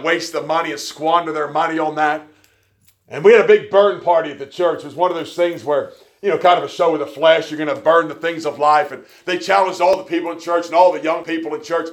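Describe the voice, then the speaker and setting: A male preacher with a slightly high voice delivers a sermon in a folksy storytelling way. He drops into quiet, joking asides, then builds to loud, fervent emphasis. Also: steady tone, fast.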